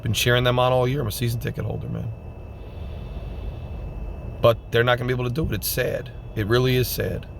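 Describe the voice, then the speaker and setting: A man giving an emphatic, repetitive postgame rant as a fan vlogger, swinging between loud outbursts and subdued sadness. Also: mid-range voice, little pitch movement, fairly quick, gravelly, long pauses, a little hiss or hum.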